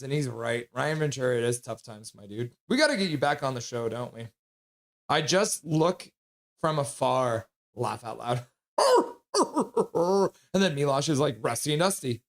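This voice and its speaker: A man hosting a hockey live stream, chatting casually and reading viewer comments aloud with frequent laughs. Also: a little high. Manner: chatty, reads chat messages aloud and laughs often.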